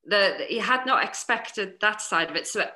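A woman with a North East English accent, a novelist chatting casually in an interview, animated and full of restarts. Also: medium pitch, moderate pace. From North East England. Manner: animated, many restarts and "you know"s. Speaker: novelist guest.

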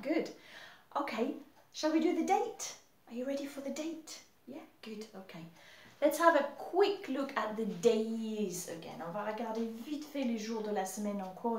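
A woman teaching English to young children, leading songs and simple questions in a slow, cheerful teacher voice. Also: fairly high pitch, roomy sound. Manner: slow, cheerful teacher talk, switching to song and whispers.

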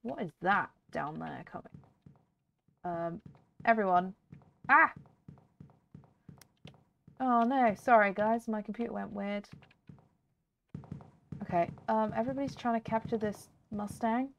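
A woman's voice: medium pitch, unhurried, creaky, pauses often, dull audio. A woman casually commentating a game for her viewers, chatty and laughing often. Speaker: gaming video host. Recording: faint background noise and clicks.

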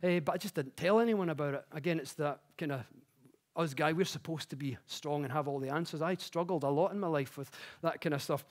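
A man giving a conference talk, mixing explanation with chatty, self-mocking personal stories that grow animated. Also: on the high side, a little fast. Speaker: conference speaker. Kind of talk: public talk with personal anecdotes. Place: conference stage before an audience.

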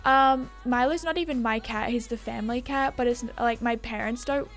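A woman's voice: fairly high pitch, moderate pace, a bit bright, soft background music. A young Australian woman chatting casually as a gaming YouTuber, rambling and self-deprecating as she answers viewer comments.

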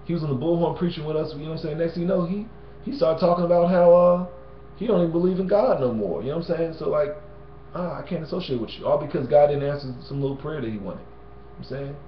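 A man's voice: on the high side, quick pace, a little hiss or hum. Slangy man teaching scripture, echoey room. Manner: slangy and conversational, often tags "you know what I'm saying" and "man". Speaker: Bible teacher. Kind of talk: casual Bible teaching. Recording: roomy, dull lo-fi sound.

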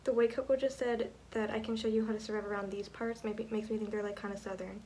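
A woman in her twenties commenting on a game as she plays, excitable, gasping and swearing often. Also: a little high, fast, few pauses, slight background noise. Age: 20s. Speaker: gamer. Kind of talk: let's play commentary. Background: game music.

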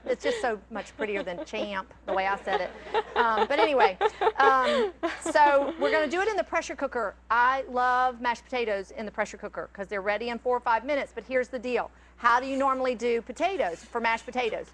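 A woman's voice: a little high, brisk. A woman with a Southern American accent who hosts a cooking class and tells chatty stories into a clip-on mic. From Georgia, American South. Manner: chatty, storytelling, animated. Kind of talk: casual cooking class chat.

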